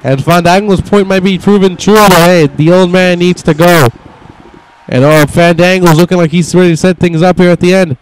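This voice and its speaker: A man's voice: high voice, steady tone, normal speed, a little hiss or hum, rough recording. A young man giving casual, mock play-by-play commentary over a wrestling video game, swearing and voicing the wrestlers' thoughts in asides. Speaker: gameplay commentator.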